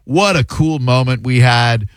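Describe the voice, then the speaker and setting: A man's voice: mid-range voice, measured pace, clean tone, no room sound. Loose, joking male radio host. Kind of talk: casual radio talk show. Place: radio studio. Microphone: studio mic.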